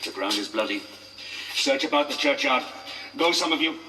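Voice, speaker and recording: A man's voice: mid-range voice, expressive, normal speed, over music, close to an everyday voice. Guy acting as a bossy watch captain, heard from far off in an echoey space, crickets around. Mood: commanding. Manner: commanding. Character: stern male captain of the night watch. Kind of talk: Shakespearean stage acting.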